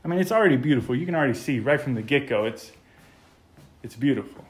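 An American home tour vlogger with a mid-range voice and lively intonation speaks fast while filming a model home walkthrough. His manner is casual, enthusiastic, and gushing.

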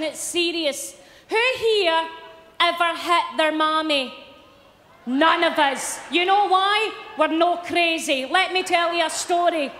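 A middle-aged Glaswegian Scottish woman doing a brash live stand-up routine and shouting punchlines to a big crowd in an arena. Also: extremely high pitch. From Scotland. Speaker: stand-up comedian. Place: large arena, live charity concert. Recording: echoey arena with loud crowd.

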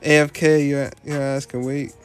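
A man's voice: fairly high pitch, little pitch movement, normal speed, faint music behind. A young man giving casual, joking reaction commentary as a YouTuber, talking bluntly in slang and dropping tags like "you feel me" all through. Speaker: YouTuber rating viewers' avatars.

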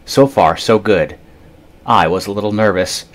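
A man narrating a bedtime picture book aloud. His voice sits on the low side, soft and hushed between the character voices. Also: normal speed. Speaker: storytime reader.

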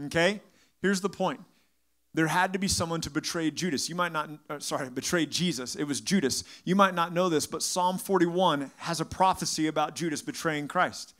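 A man's voice: fairly high pitch, fairly quick, a bit bright. A man pastor preaching a sermon to a congregation, firing off rhetorical questions and acting out the voices of the crowd. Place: church sanctuary.

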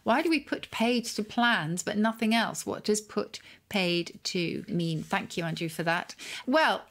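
A woman's voice: mid-range voice, expressive, measured pace. A woman co-hosting a podcast who explains things in a thoughtful, careful way. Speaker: podcast co-host. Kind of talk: casual chat.

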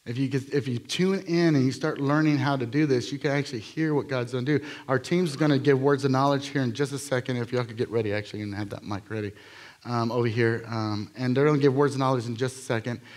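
A man preaching a live sermon in a church, telling healing stories in an energetic, jokey, rambling way full of fillers and restarts. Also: mid-range voice. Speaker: guest preacher. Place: church sanctuary.

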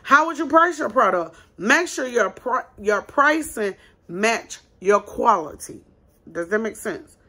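Woman, small business owner and vlog host; blunt, emphatic advice, bright higher voice. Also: expressive, measured pace. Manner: emphatic, blunt, talks straight to viewers as "you guys". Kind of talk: casual advice chat.

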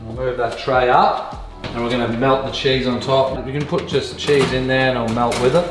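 A young man cooking in his home kitchen, talking in a casual, excitable, sweary way. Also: medium pitch, normal speed. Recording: echoey kitchen with music behind.

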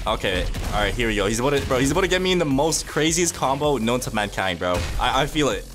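A young man hosting a gaming video, giving excited, trash-talking commentary on a fighting match and yelling at big moments. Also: medium pitch, fast, music in the background.

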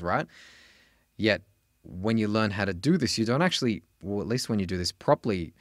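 A man with an Australian accent teaching a singing lesson, chatty and animated, breaking into sung examples. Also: moderate pace. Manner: chatty, animated, jumps into high sung demos. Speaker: vocal coach.

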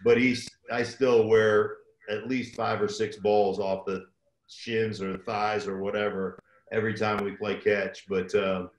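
A man's voice: on the low side, flat delivery, measured pace. An older man, a former pro football player, telling a rambling, self-deprecating story as a guest. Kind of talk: casual storytelling. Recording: roomy echo.

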